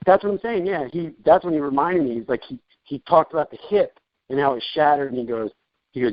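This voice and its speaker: A man's voice: medium pitch, a little fast, no room sound. A man hosting a podcast, rambling and joking through casual interview chat with many restarts. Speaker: podcast host. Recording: dull lo-fi dry podcast audio.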